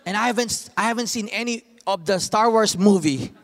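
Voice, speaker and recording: A man in his thirties preaching a sermon, telling family stories with lively, acted-out quotes. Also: sits high, fairly quick. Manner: animated storytelling, acts out quotes. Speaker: pastor. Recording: long hall reverb.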